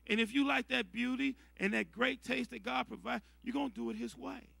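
Man, middle-aged preacher, conversational sermon, raspy tone, dry close sound. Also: extremely high pitch, brisk, pushed and bright, dry recording. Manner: conversational preaching with repetitions and restarts.

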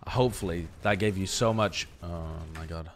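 Esports streamer, male, lowish voice, blunt, swears freely, rants while reading chat. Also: moderate pace, a little hiss or hum. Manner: blunt and profane, ranting; reads and answers viewer chat. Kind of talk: live-stream match analysis.

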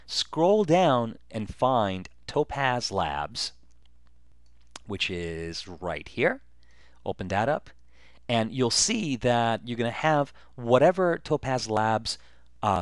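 A man narrating a relaxed, step-by-step screen-recorded software tutorial, with frequent ums and uhs. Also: medium pitch, no echo, clean studio sound.

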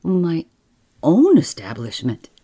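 A woman voicing a timid, nervous older male clerk who answers in a shrill, anxious way in a storybook. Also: wildly swooping pitch, takes it slowly, dark tone, husky, exaggerated voice.

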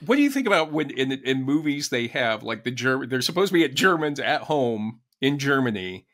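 A man's voice: mid-range voice, very animated, moderate pace, a bit bright. A man in his fifties co-hosting a casual podcast, chatty and laughing easily as he tells stories. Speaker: podcast co-host. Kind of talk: casual chat.

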